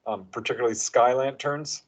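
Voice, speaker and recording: A man of average pitch speaking as a guest author. He tells his stories with energy, breaking into other voices for the quoted lines. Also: fairly quick, poor audio. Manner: animated storyteller who acts out quotes. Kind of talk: casual interview chat.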